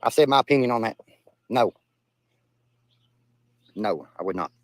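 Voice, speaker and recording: A man's voice: fairly low pitch, expressive, normal speed, no room sound, poor audio. A young man with a Southern US accent who streams live and reacts to his chat in a blunt, profane, casual way, often repeating himself. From Southern United States. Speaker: livestreamer reading chat.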